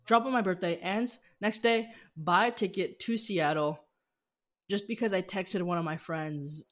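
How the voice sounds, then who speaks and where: A man's voice: high-pitched, measured pace, fairly bright tone. A young man, a podcast guest, telling personal stories with animation and acting out family dialogue. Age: young adult. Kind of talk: podcast interview storytelling.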